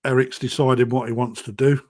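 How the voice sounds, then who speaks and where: A man's voice: mid-range voice, flat delivery, fairly quick, a little mellow, no echo. Man, auction host, casual banter, dry close sound. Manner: chatty, matey banter with bidders. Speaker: koi auctioneer. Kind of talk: live auction chat.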